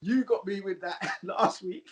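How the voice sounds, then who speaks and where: A man's voice: high voice, unhurried. A man in a reflective, casual podcast chat who keeps checking in with his listener. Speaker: podcast co-host.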